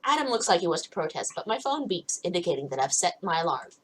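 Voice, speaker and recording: Eine junge Frau liest beschwipst ein Visual Novel vor, plaudert locker, kichert viel und schweift ab. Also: female voice, lowish voice, big pitch swings, quick pace, slightly rough, low-quality recording. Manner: giggly, rambling. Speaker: let's play host. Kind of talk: tipsy casual game reading.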